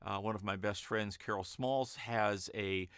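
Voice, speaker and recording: A man who works as a voice-over artist, chatting casually and rambling in a vlog, lifting his voice brightly on greetings, recorded on a studio microphone in his home broadcast studio. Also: lowish voice, fairly even intonation, unhurried, clean tone, no echo.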